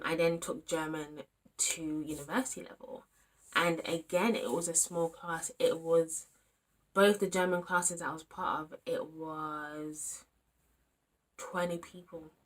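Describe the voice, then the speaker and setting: A young woman in her twenties with a British accent talks straight to the camera in a candid vlog. Her voice sits on the low side, and she rambles, sighs and talks to herself in an exasperated way. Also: a bit bright. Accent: British English. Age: 20s. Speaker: university student vlogger.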